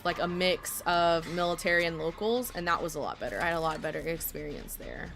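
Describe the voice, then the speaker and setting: A woman's voice: lowish voice, fairly bright tone, slight background noise. A young woman from Texas with a faint Southern US accent, chatting casually on a live stream in a rambling, self-deprecating way.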